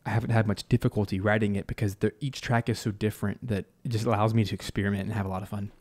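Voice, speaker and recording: Low, mellow-voiced man thinking aloud. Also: flat delivery, rapid-fire. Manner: thinks aloud, hums and scats melody ideas. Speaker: composer hosting a live stream. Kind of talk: casual live-stream commentary on composing.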